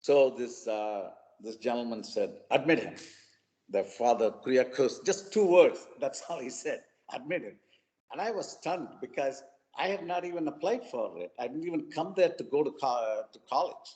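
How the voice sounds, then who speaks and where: Speaking at normal speed in a large hall, a medium-pitched man with an Indian English accent shares his life story as a guest at a mentoring webinar. He's from Chennai and is an animated storyteller, briefly imitating the people he quotes.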